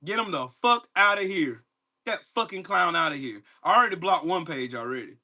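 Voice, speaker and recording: A man's voice: fairly high pitch, animated, fairly quick, sharp tone. Angry profane man ranting at live chat. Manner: profane, mocking, confrontational. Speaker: livestream host.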